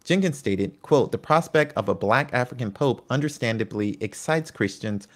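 He hosts a history video in a mid-range voice with lively intonation at a normal pace. He reads his notes but often drifts into enthusiastic off-the-cuff remarks, occasionally stumbling on names.

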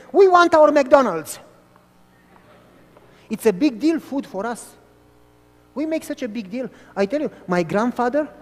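Male pastor from Romania, storytelling sermon, high pitch, long hall reverb. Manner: animated storytelling preacher.

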